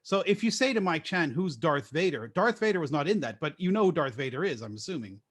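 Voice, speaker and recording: A man with a notably high voice co-hosts a relaxed podcast conversation. He laughs often and tells his stories with energy. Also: fast. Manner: laughs often, animated storytelling. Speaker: podcast co-host. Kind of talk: casual group chat.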